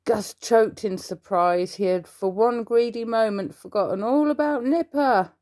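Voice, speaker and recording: A woman's voice: fairly high pitch, unhurried, a little mellow. A woman reading a children's storybook aloud, adding little asides to the listener.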